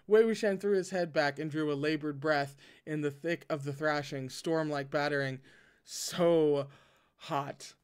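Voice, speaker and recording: A man's voice: fairly high pitch, steady tone, normal speed, few pauses, clear, resonant tone. A man hosting a casual read-aloud of a novel, often breaking off the text for wry, joking commentary. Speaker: host reading a novel aloud.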